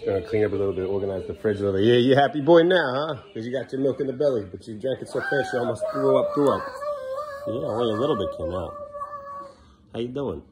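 A man's voice: mid-range voice, wildly swooping pitch, fast talker, a crowd in the background. A father vlogging at home in his kitchen, talking casually and playfully to his young sons, often slipping into sing-song baby talk. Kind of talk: casual home vlog chat with his children.

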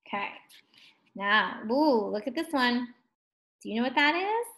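Female first grade teacher, slow and stretched out, a bit high, gently encouraging. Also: big pitch swings. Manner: slow, drawn-out words sounded out for children; gentle, encouraging questions to young learners. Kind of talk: distance learning phonics lesson.

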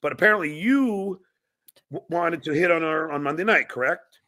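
A man's voice: on the high side, moderate pace, bright, forceful tone. A man hosting a talk show, joking while he mediates an argument between guests. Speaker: show host.

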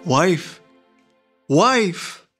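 A man voicing a weary, poor old male peasant farmer who is emotional and cries out loudly. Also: very high-pitched, animated, slow, creaky, echoey room, far from the mic, faint music behind, pitched above the performer's own voice, full character voice. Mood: pleading. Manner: emotional, given to loud cries.

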